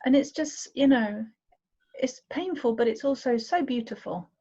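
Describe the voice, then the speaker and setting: A woman's voice: on the high side, animated, normal speed, dark tone, breathy edge. A woman in a healing circle on a video call, speaking earnestly and affectionately to the others. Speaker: participant in a women's healing circle. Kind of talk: emotional sharing in an online circle. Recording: dull lo-fi sound.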